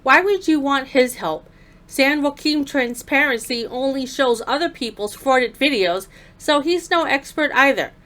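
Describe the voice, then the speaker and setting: A woman's voice: high-pitched, measured pace, a bit bright. A woman giving sarcastic, scolding voice-over commentary on a video.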